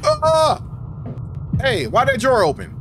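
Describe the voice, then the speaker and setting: This young man's voice is very high and very animated, though a little slow. He's a gaming YouTuber doing horror let's play commentary, jumpy and swearing, full of slangy reactions, with game music in the background.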